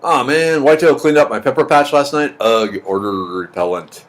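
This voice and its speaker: A man's voice: mid-range voice, normal speed. A middle-aged man hosting a livestream, chatting casually and answering viewers' comments in a rambling, repetitive way. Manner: chatty, rambling, repeats words. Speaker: livestream host reading chat. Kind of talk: casual chat.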